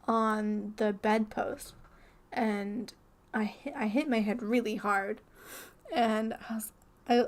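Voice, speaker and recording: A young woman co-hosting a podcast, telling a story in a rambling, casual way full of "like" and restarts. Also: on the high side. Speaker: podcast co-host.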